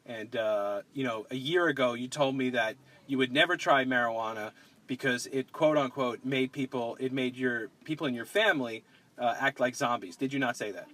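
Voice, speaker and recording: A man's voice: mid-range voice, moderate pace, bright, forceful tone, low-quality recording. A man hosting a casual podcast chat, rambling with frequent restarts and pushing back on his guest. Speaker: podcast host.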